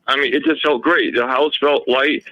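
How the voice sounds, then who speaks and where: A man's voice: medium pitch, steady tone, normal speed, pushed and bright, dry recording, poor audio. A man talking as a radio show guest, telling a long story in a rambling way and often quoting what others told him. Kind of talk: casual interview storytelling.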